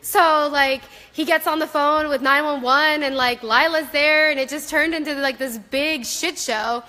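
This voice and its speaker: A woman's voice: high-pitched, steady tone, a little slow, pushed and bright, in a large hall. A woman author chatting casually on a live video, telling rambling stories with many fillers.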